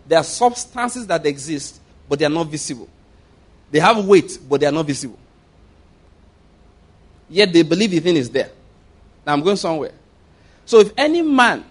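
Middle-aged guy preaching, bit high pitched, leans hard on key words. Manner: slow emphatic scripture reading. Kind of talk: sermon.

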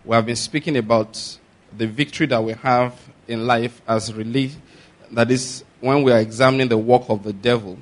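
A man's voice: mid-range voice, steady tone, normal speed. A Nigerian man preaching, who talks in a loose, conversational way with restarts and asides. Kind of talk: sermon.

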